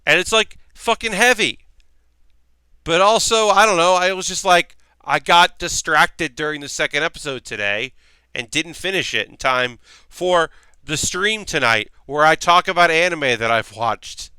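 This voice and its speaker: A man's voice: on the high side, animated, normal speed, bright, forceful tone, smooth, dry recording. A man hosting a livestream, chatting loosely and profanely and answering comments from chat as he talks. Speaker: livestream host.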